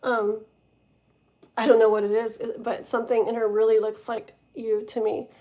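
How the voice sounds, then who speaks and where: A woman's voice: on the high side, little pitch movement, moderate pace, warm tone. A woman doing a live-stream tarot reading, talking straight to the viewer, rambling and stumbling over her words. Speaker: tarot reader.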